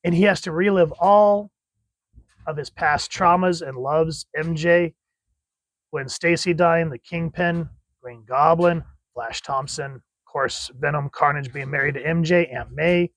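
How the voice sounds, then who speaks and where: A man's voice: a little high, unhurried, a bit bright, no room sound. A man giving a casual, enthusiastic comic book review in a chatty way.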